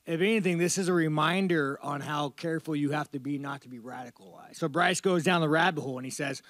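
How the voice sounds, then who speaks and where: Profane rambling fighter, bro-ish. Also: male voice, a little high, fast, few pauses, a bit bright, no room sound, studio quality. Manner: profane, rambling and loose, often calling people dude. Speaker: fighter at a media interview. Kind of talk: casual media-day interview.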